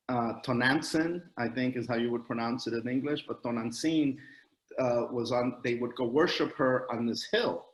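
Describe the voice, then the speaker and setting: A male guest comedian telling a story in a casual, profane, animated and digressive way. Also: medium pitch, echoey room, poor audio.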